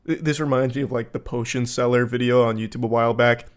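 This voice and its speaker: Male online commentator, deadpan, dry sarcastic read, mid pitch. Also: quick pace, hardly any pauses. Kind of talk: comedic commentary on text messages.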